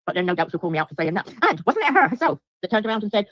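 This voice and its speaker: A woman's voice: lowish voice, very animated, rapid-fire, hardly any pauses, fairly bright tone, no room sound. A middle-aged woman, ranting angrily on a livestream, swearing constantly and repeating herself while answering viewers. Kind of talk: angry livestream rant to viewers.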